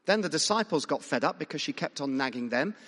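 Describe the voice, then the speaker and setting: A man preaching a sermon in a fairly high voice, talking to the congregation in a conversational, questioning way. His words ring out with the long reverb of a large church. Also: expressive, quick pace, fairly bright tone. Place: church hall.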